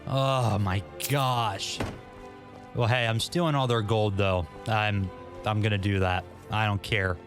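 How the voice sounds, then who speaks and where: A man's voice: on the low side, fairly even intonation, slow pace, over music. A man giving casual gameplay commentary, chatty and self-mocking, talking to himself as he plays. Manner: chatty, self-mocking, laughs at his own misreads. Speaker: gaming channel host.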